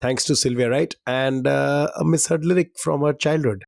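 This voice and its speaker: A man's voice: medium pitch, fairly even intonation, moderate pace, gravelly, no room sound, studio quality. A man co-hosting a podcast quiz in casual banter, teasing and laughing often.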